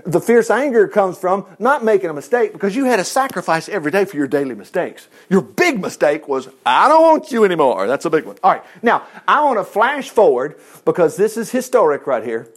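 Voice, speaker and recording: High, lively-voiced male preacher. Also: a little fast, few pauses. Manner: animated, acts out quoted voices. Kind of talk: conversational sermon. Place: indoor room with a congregation.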